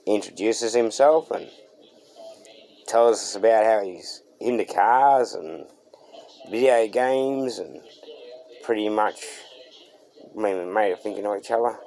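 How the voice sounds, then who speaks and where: A man's voice: fairly low pitch, a little slow, warm tone, a little hiss or hum. A man with an Australian accent, hosting a car channel and telling a story in laid-back, slangy talk. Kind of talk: storytelling to camera.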